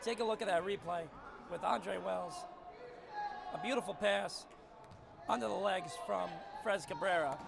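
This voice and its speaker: A man with a raspy voice calling a live college basketball game from an arena skybox, getting excited and shouting on big plays. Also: high voice, a little slow, pauses often, crowd noise. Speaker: play-by-play commentator. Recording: noisy arena broadcast feed. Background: arena ambience, ball bouncing.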